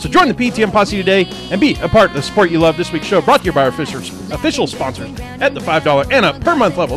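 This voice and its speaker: A man's voice: high voice, sing-song, rapid-fire, hardly any pauses. Upbeat man hosting a podcast over music. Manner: upbeat, laughs often, Southern "y'all". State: a bit out of breath. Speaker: podcast host. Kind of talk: casual podcast chat. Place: podcast studio. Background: music playing.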